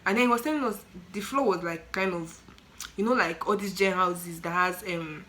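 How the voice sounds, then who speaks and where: A nineteen-year-old woman with a Nigerian accent, telling a story in an animated, exclaiming vlog style. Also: fairly low pitch, moderate pace, slight background noise, rough recording. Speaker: student nurse vlogger.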